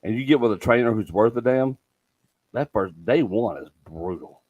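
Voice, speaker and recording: A middle-aged man, hosting a casual chat and telling stories in an animated way, swearing freely. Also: medium pitch, moderate pace, muffled recording. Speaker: podcast host.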